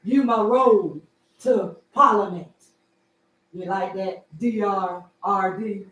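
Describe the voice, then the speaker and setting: A woman chatting on a casual livestream, animated and teasing, jumping between loud outbursts and low murmurs. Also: slow pace. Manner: flirtatious, teasing. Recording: echoey room, far from the mic.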